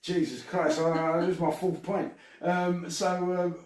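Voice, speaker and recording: A man's voice: high-pitched, flat delivery, a little slow. A man hosting a casual podcast, rambling and joking with his guests and swearing freely. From Britain. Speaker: podcast host. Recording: roomy sound from a distant mic.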